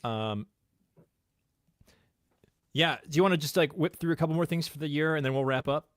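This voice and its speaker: A man co-hosting a casual livestream podcast, talking in a relaxed, rambling way full of fillers and eager about rocket launches. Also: fairly high pitch, normal speed, no echo, clean studio sound. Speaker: podcast co-host.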